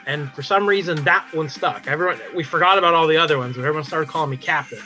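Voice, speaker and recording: Casting note: male co-host, bright tense tone, a little high, easygoing and chuckling. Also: fast, faint music behind. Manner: relaxed, chuckling. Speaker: podcast co-host. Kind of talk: casual chat.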